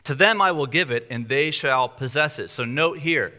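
A man preaching a sermon in a conversational way, slowing down on key lines for emphasis. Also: mid-range voice, sharp tone. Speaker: pastor.

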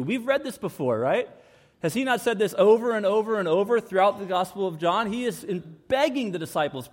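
A man in his thirties preaching a sermon, reading scripture and telling stories with lively acted-out voices. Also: fairly high pitch, big-room sound. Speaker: pastor.

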